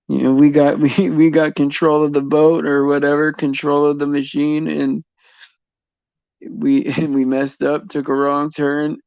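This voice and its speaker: A man with a gravelly, slightly high voice talks slowly and loosely in a casual faith chat. He rambles, stops and restarts, and chuckles as he goes. The sound is dry and a bit dull. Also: darkish tone, no room sound. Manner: rambling, halting, many fillers and restarts, chuckling often.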